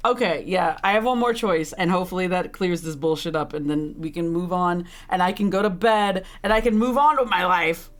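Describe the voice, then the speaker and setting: A woman's voice: fairly low pitch, animated, normal speed, few pauses. A woman game streamer talks casually over her playthrough, ranting and laughing at the characters. She swears often and sounds openly exasperated with the story. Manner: frequent swearing. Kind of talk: casual live-stream commentary.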